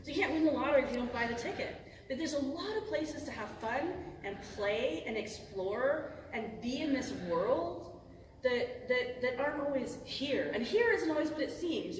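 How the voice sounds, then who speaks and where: Rambling, cussing woman in an echoey hall. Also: sits high. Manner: rambling and self-interrupting, cusses, laughs often. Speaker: voice actress on a convention panel. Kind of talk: casual panel talk. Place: large convention hall. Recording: echoey hall from far off, noisy.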